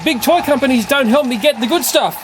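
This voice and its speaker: A man with a high voice casually reviews toy trains and plays with them. He talks in a playful way and breaks into excited shrieks at the crashes. Loud clicking and whirring from the toys runs under his voice. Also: a little fast, slight background noise.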